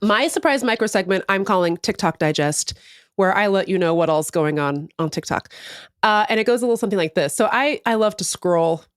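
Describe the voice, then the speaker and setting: A woman's voice: mid-range voice, fairly quick, smooth, no room sound, studio quality. A woman co-hosting a podcast, telling a story in casual comedic chat, laughing often and acting out the people in it. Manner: animated storyteller, laughs often, acts out voices. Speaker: podcast co-host.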